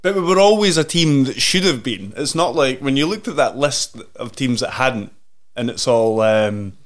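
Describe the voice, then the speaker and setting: A man's voice: medium pitch, animated, moderate pace. Scottish male podcast host, drunk, casual, swears freely. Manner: swearing, laid-back. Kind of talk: casual football chat.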